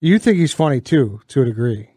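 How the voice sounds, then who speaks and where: A man's voice: mid-range voice, very animated, fairly quick, dark tone, husky, no room sound. An easygoing man with a mid-range voice co-hosts a casual podcast, mostly giving short replies and joking asides. The sound is dry and close. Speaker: podcast co-host. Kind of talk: casual chat.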